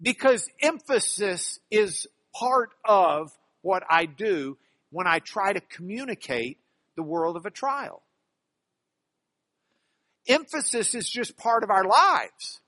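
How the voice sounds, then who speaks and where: A man's voice: sits high, very animated, slow, pushed and bright, no echo. A man who works as a trial lawyer teaching a class from slides, folksy and emphatic, with joking asides.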